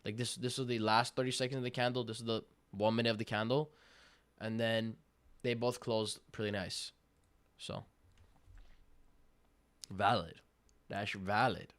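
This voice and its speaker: Young guy streaming day trades, slangy and hyped, smooth clear voice. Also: fairly low pitch, steady tone, unhurried, pauses often. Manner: hyped, slangy, bursts into loud cheering. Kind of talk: live trading stream commentary.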